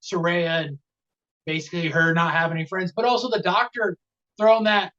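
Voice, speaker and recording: A man's voice: high voice, fairly even intonation, a little fast, pushed and bright. Laid-back man on lo-fi audio. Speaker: podcast co-host. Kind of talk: casual match review. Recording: dull lo-fi audio.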